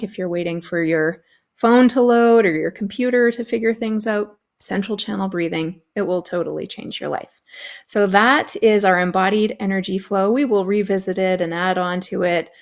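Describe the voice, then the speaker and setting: A woman hosting a self-care show, leading a breathing practice in a calm, instructive way. Her voice has a gravelly edge, with frequent fry at the ends of phrases. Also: medium pitch. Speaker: host and yoga instructor.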